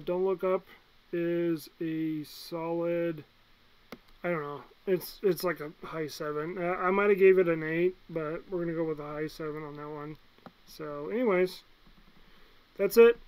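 A young man from the United States ranking movies in a casual vlog, blunt and excitable, swinging from loud bursts to muttered asides. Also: on the high side, measured pace, clean tone, poor audio. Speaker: movie reviewer.

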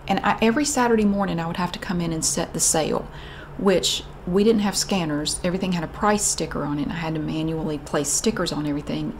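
A woman's voice: fairly low pitch, a little hiss or hum. A middle-aged woman telling a wry, exasperated story about an old job in a casual, chatty way. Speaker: vlogger.

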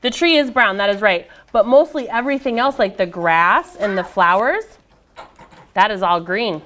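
A woman's voice: medium pitch, animated, normal speed, fairly bright tone. A young woman leading a children's storytime, reading aloud and guiding rhymes in a patient, encouraging, sing-song way. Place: indoor storytime room with children.

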